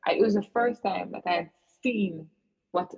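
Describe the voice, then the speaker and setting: A woman guest in a casual interview shares a personal story, earnest and reflective, with many fillers and restarts. Her voice is lowish, creaky, husky and a little mellow, at a moderate pace. The recording is dull and lo-fi.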